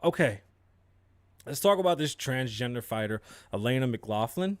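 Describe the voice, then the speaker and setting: A young man hosting a podcast, giving animated, profane sports commentary and mocking people in put-on voices. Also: medium pitch, a little fast, no room sound. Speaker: podcast host. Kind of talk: casual commentary.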